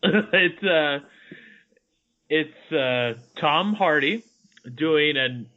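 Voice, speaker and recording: A young man with a bright, forceful voice chats slowly and hesitantly on a podcast, laughing often. The sound is dull and lo-fi. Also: on the high side, lively intonation. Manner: hesitant, laid-back, laughs a lot. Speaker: podcast co-host. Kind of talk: casual chat. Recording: dull lo-fi audio.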